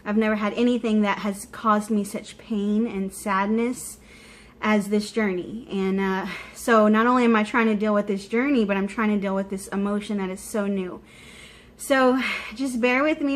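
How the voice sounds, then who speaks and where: Heartfelt woman in a chatty video diary. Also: medium pitch. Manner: heartfelt, chatty and open, talking directly to viewers. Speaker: vlogger. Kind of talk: personal video diary update to camera.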